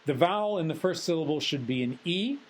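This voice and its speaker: A man giving a recorded phonetics lecture in a measured, analytical way, pausing often on filler sounds. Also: a little high, lively intonation, slight background noise, low-quality recording.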